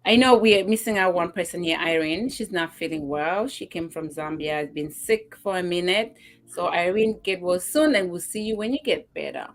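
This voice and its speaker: A woman from Africa co-hosting a talk show in casual chat, telling her stories in a lively, emphatic way. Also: on the low side, normal speed.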